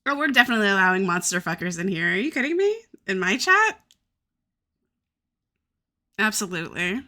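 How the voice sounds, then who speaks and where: A woman streamer chatting casually with her viewers while she draws, crude, self-mocking and quick to giggle. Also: mid-range voice, very animated, pushed and bright. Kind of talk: casual livestream chat while drawing.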